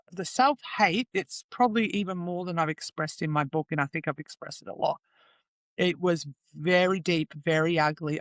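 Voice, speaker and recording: A woman's voice: fairly low pitch, fairly bright tone, no room sound. A woman, a guest in an interview, telling her story in a raw, emotional way, swearing freely and acting out the quoted voices of others. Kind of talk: candid personal interview.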